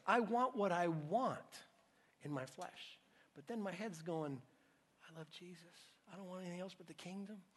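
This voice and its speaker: A pastor with a fairly high-pitched voice delivers an emphatic sermon in a church sanctuary, swinging from hushed tones to loud ones. The long reverb of the church hall carries every word.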